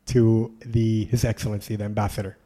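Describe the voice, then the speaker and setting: A man telling a long travel story in casual conversation, animated and laughing often. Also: on the low side, a little fast. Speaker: guest storyteller.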